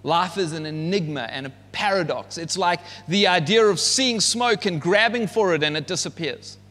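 A man's voice: sits high, moderate pace, sharp tone. A man preaching a sermon in a conversational way that builds to emphatic peaks. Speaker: pastor. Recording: long reverb of a large hall.

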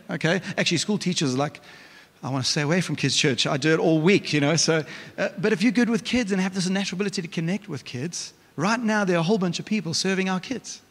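A male pastor, preaching a lively, conversational sermon with frequent restarts. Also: high voice, fast talker. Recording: reverberant church hall.

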